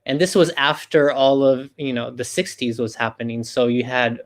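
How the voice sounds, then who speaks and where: A man hosting an interview, talking in a relaxed way with lots of fillers and tag questions. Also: mid-range voice, normal speed. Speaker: host. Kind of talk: casual interview.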